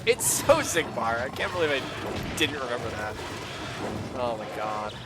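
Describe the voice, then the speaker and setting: A game streamer giving live gameplay commentary, animated and swearing casually, laughing often. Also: mid-range voice, measured pace, heavy background noise. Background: game music.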